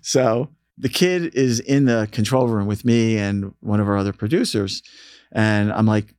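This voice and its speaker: A man's voice: fairly low pitch, unhurried, clean tone, dry recording. A man telling stories about his radio station work in a casual interview, acting out quotes with a raised voice. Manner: animated storyteller, acts out quotes in raised voice. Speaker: radio station staffer and guest.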